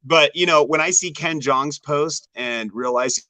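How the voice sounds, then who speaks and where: A man's voice: a little high, measured pace, bright, forceful tone, a little hiss or hum. A man guesting on a podcast, talking in a blunt, opinionated way and rambling with lots of restarts in casual chat.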